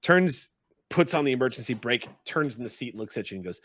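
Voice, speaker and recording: A man narrating a tabletop game as game master, in a relaxed, loose way. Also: mid-range voice, fast, no echo.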